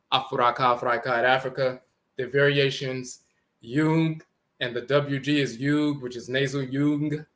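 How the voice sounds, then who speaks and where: A man gives a lecture on how words change, with a bright, forceful edge to his voice. He talks deliberately, spells out letters and says each word twice. He points to text on a screen as he goes. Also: medium pitch. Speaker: lecturer on language origins.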